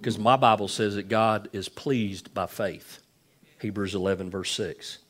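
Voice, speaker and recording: A man's voice: on the low side, fairly even intonation, a little slow. A middle-aged man preaching a sermon, telling folksy stories with lots of repetition. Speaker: pastor.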